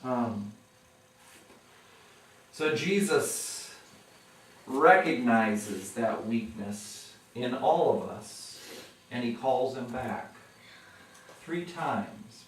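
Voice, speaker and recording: Male pastor preaching slow, acting out the people in the story louder and higher, sounds far off in a big echoey room. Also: animated. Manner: acts out voices of the people in the story, rising loud and high for quotes. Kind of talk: sermon.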